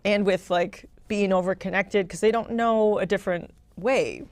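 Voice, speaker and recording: A woman's voice: medium pitch, normal speed. A woman talking as a podcast guest in casual chat, chatty and full of "like". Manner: chatty, says "like" a lot.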